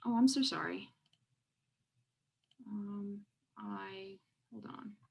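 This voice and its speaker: A woman's voice: mid-range voice, vocal fry, a little mellow, breathy edge. A woman researcher giving an online lecture over a video call, explaining classroom clips with many fillers and restarts. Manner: halting, frequent fillers and restarts. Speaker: education researcher presenting a webinar. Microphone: video call with screen sharing.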